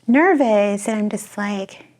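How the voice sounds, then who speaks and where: A woman with a Chicago accent, a guest telling an emotional personal story, expressive and tearful at times. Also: medium pitch, takes it slowly. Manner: expressive storyteller, laughs and tears up.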